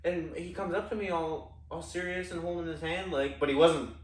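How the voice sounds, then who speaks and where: A man's voice: a little high, steady tone, normal speed. Brief: young man, easygoing co-host, laughs a lot, distant and echoey. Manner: laughs often, swears casually. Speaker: podcast co-host. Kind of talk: casual storytelling chat. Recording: roomy sound from a distant mic.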